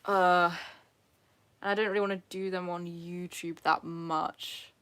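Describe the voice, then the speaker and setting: A woman's voice: fairly low pitch, flat delivery, a little slow, fairly bright tone, smooth. A young woman from England with a British accent, chatting casually and self-deprecatingly on a live stream from her sofa at home, laughing often as she reads the chat. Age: young adult.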